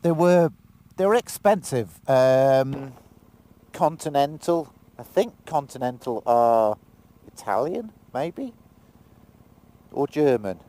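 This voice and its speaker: A man's voice: medium pitch, animated, slow pace, pauses often, dark tone, rough recording. A man with a British accent chatting casually while riding a motorbike, rambling with many ums. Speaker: motorcycle vlogger. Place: on a motorbike outdoors.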